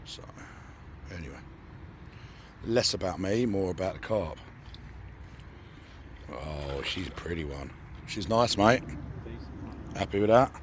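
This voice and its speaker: A lowish, slightly croaky male voice, still recovering from a cough. He chats easily by a lakeside, quizzing his mate and narrating the catch in casual commentary. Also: expressive, measured pace, long pauses, slight background noise. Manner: banters and asks questions. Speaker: angler and channel host. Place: lakeside outdoors.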